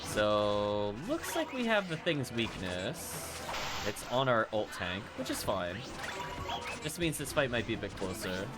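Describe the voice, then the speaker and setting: A man streaming a game, casually commenting and talking to his chat in a relaxed way. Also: lowish voice, measured pace. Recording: game music behind.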